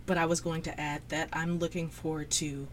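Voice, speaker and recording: A woman's voice: low-pitched, flat delivery, brisk, slight background noise. A woman hosting her podcast, chatting casually and reflectively with her husband, laughing often. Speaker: podcast host.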